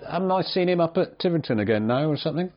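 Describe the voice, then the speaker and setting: A man's voice: a little high, very fast. A man hosting a casual football predictions chat, steadily going through fixtures and asking his co-host's picks. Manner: steady, runs the fixtures list, asks questions. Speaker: host of football predictions show. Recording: slightly dull lo-fi sound.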